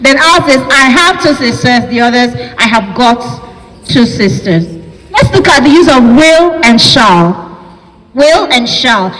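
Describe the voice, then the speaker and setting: A woman's voice: high voice, lively intonation, measured pace, a bit bright. A woman with a Nigerian accent giving a classroom lecture, chatty and asking the class questions. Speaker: university lecturer. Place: lecture hall. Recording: echoey hall with faint ambience.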